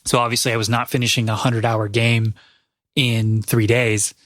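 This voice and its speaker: A man's voice: mid-range voice, flat delivery, moderate pace, a bit bright, no echo, clean studio sound. A man hosting a casual gaming podcast, rambling and correcting himself as he tells a story. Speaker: podcast host. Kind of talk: casual chat.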